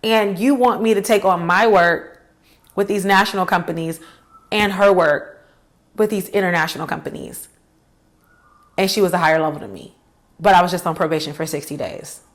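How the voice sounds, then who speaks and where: A woman's voice: lowish voice, moderate pace, pauses often. A woman in her thirties telling a personal career story to her viewers, candid and emphatic, speaking to them directly. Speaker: career vlogger.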